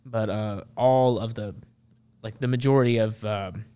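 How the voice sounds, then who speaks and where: A man's voice: lowish voice, fairly even intonation, measured pace, dark tone, clean tone. A man, a military veteran, telling a story as a podcast guest in a loose, rambling way full of restarts. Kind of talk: casual storytelling.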